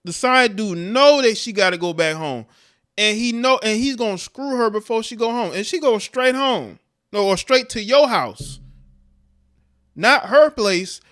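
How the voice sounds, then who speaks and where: Reacting to clips on his livestream, a man gives blunt, profane commentary on the footage and the chat, laughing frequently. His voice sits high and is expressive, unhurried, and a bit bright.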